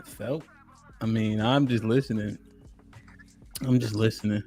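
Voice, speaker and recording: A man's voice: on the low side, steady tone, a little slow, mellow, faint music behind. A man hosting a casual panel, playfully teasing and telling people when to speak. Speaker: host.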